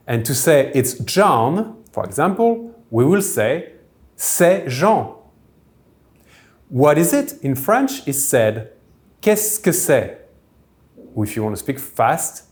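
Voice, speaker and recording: Slow, measured man teaching French. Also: fairly high pitch, big pitch swings, a little mellow. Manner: clear, measured explanations, French words said slowly. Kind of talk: recorded language lesson. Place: church hall classroom.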